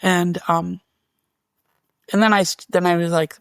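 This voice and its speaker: A man with a gravelly, fry-tinged voice tells a personal story as an interview guest. He talks casually and animatedly, restarting sentences and laughing briefly. The sound is dry and close. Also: sits high, flat delivery, unhurried, long pauses, a bit bright, dry recording.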